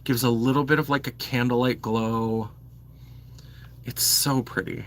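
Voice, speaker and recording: A man's voice: medium pitch, fairly even intonation, unhurried, a little hiss or hum. A man hosting a live makeup stream, chatting casually with many fillers and answering viewers' comments. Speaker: livestream host. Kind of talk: casual makeup livestream chat.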